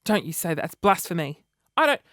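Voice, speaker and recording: Man, 30s, vlogger; high, dramatic, self-deprecating chatter, dry recording. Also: big pitch swings, brisk, sharp tone, dry recording. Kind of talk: casual chat to camera.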